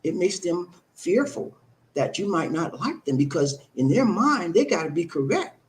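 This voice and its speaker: A man's voice: sits high, sing-song, normal speed, poor audio. A man living abroad, talking casually to viewers, emphatic and repetitive, often checking in with "okay?" and "huh?". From from abroad, living in the Philippines. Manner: emphatic, repeats words, asks "okay?" and "huh?". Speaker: vlogger addressing viewers. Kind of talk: casual talking-to-camera advice.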